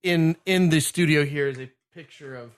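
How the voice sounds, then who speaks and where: A man's voice: on the high side, normal speed, smooth, no echo. A man co-hosting a podcast, chatting enthusiastically and joking about beer and films. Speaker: podcast co-host. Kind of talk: casual chat over beer tasting.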